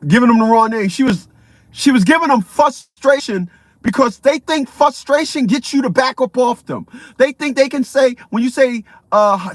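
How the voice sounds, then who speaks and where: A man's voice: very high voice, animated, moderate pace, dry recording. A man ranting profanely in a rambling, repetitive commentary vlog. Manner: profane, rambling, repeats himself. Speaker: vlogger.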